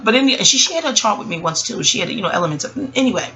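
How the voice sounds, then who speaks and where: In dull audio with crowd noise behind her, a woman from New York talks at a racing pace in a mid-range, expressive voice and a New York accent. She's an astrologer and vlogger, rambling casually and tangentially to viewers she calls y'all.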